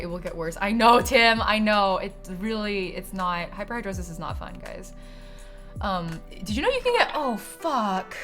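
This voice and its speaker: A woman's voice: medium pitch, a bit bright. A young woman live-streaming from her desk at home, chatting casually with her viewers. She swears a lot and laughs often.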